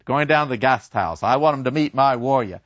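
A man doing a booming, proud old father. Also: brisk, dry recording, natural voice. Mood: blustering. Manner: booming, hearty and insistent. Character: proud blustering old father, pushy and patriotic. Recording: dull lo-fi dry recording.

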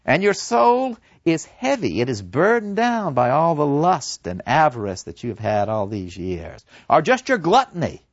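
A serene old philosopher facing his death, voiced by a man telling the story, preaching about the soul with earnest conviction. His voice swings widely in pitch, rising and falling with feeling. The sound is dull and muffled, close and dry. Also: wildly swooping pitch, a little slow, hardly any pauses, no room sound, full character voice. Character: serene old male philosopher awaiting execution. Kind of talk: dramatic storytelling.

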